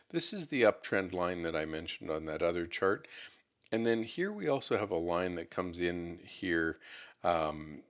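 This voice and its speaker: A man hosting a market show, giving relaxed, unscripted commentary on stock charts as he thinks aloud. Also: deep voice. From Canada. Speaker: market analyst host.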